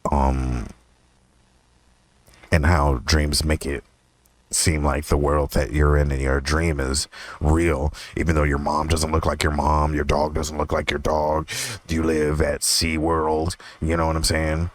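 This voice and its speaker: Very deep-voiced man rambling casually. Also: flat delivery, a little slow. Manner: rambling, profane, laughs often, slips into high voices quoting himself. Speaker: podcast host. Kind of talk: casual storytelling monologue.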